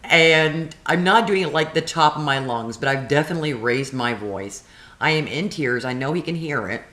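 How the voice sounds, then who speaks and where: Animated woman retelling a frustrating call. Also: low-pitched, normal speed, roomy sound. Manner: animated retelling with quoted dialogue and rising frustration; laughs between phrases. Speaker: video blogger. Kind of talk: casual storytelling.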